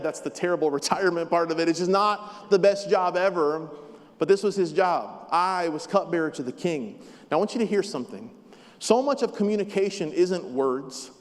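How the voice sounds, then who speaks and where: A man preaching a sermon as a pastor, emphatic and repetitive with touches of light humor, heard in a church sanctuary. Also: high-pitched. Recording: long hall reverb.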